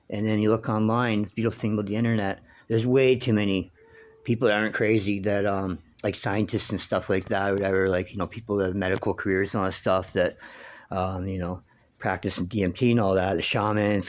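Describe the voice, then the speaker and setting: A man talking in a rambling, casual monologue, swearing freely and wandering between thoughts with lots of fillers. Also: fairly low pitch. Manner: rambling, profane, meandering with many fillers. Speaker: vlogger.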